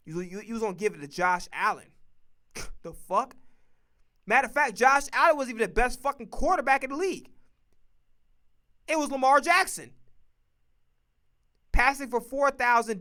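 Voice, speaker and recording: High, bright-voiced profane sports ranter. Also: male voice, clean tone. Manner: profane, emphatic, repetitive. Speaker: streamer and sports commentator. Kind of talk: casual sports opinion rant.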